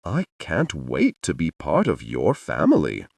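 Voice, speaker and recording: A man reading an audiobook, voicing an earnest, tipsy young man who turns giddy and weepy, gushing in a slow sing-song way. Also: very deep voice, wildly swooping pitch, vocal fry, a little mellow, dry recording, far from the mic, full character voice. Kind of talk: audiobook character voice.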